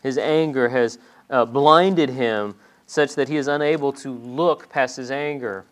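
A man delivers a sermon in a mid-pitched voice. He reads scripture and acts out quoted speech, swelling with intensity on the dramatic lines and falling quiet on others. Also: measured pace. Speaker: preacher.

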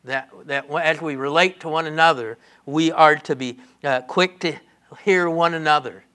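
A man's voice: fairly high pitch, moderate pace, bright, forceful tone. A man preaching a sermon in an earnest, repetitive way, with many restarts and fillers.

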